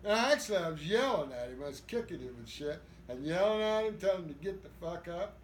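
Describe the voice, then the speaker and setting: Older guy, high voice, swears a lot telling war stories, echoey room, bit of background hum. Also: fast. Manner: profane, animated storyteller. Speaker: guest. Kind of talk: storytelling interview. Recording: echoey room with faint ambience.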